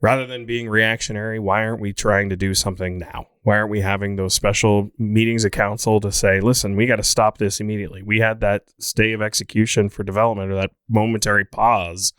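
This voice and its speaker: Man, podcast host, low voice, dry close sound, opinionated, joking. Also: level tone, brisk, hardly any pauses, fairly bright tone, clean tone, no echo. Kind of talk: casual chat.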